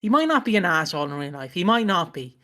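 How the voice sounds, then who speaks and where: A man's voice: high-pitched, sing-song, fast, sharp tone. A man co-hosting a podcast in casual chat, rambling and joking with lots of swearing. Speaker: podcast co-host.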